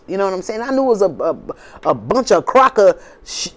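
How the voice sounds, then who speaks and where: A woman hosts her own spiritual video channel, speaking to viewers in a casual yet preachy, drawling way, repeating herself and firing off rhetorical questions. Her mid-range voice is sing-song and quick, with few pauses.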